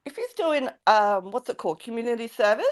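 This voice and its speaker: An Australian woman guesting on a live stream chats casually in a fairly high, lively voice at a brisk pace. She's giggly and teases a lot.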